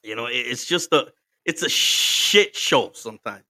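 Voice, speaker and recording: A man's voice: medium pitch, expressive, a little slow, pushed and bright, dry recording, clean studio sound. A man from Mexico with a Mexican accent, telling stories in a casual chat, swearing freely, often laughing, and switching between English and Spanish. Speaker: podcast host.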